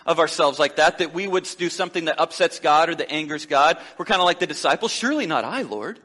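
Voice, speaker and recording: Male pastor, high bright voice, lively sermon with jokes, long hall reverb. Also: fast. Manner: lively, joking asides, acts out dialogue. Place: church sanctuary.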